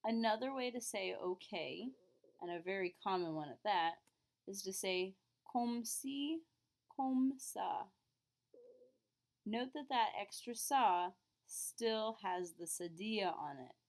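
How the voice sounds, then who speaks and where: Woman, French teacher, patient lesson delivery, middle pitch, models phrases clearly. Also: moderate pace. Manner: clear, patient explaining, exaggerated question intonation in examples. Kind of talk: classroom lesson.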